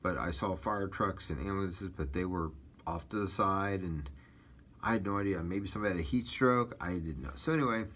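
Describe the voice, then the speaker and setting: A man with a deep, low-pitched voice recounts his personal testimony in a loose, casual way. He drifts and restarts, filling gaps with ums and uhs the way a taxi driver tells a long story. A faint hiss of noise runs under the recording. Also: fairly quick, a bit bright. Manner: rambling storytelling with many fillers and restarts.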